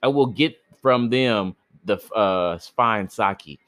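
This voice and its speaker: A man's voice: fairly low pitch, takes it slowly, fairly bright tone, no room sound, studio quality. A man voicing a greedy, jealous grown man who barks angry accusations. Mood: fierce.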